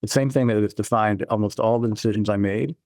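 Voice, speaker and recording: A middle-aged man telling stories from his career in a relaxed, anecdotal way during an interview. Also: on the low side, fast, no room sound. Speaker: guest, chief innovation officer. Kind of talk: storytelling interview answers.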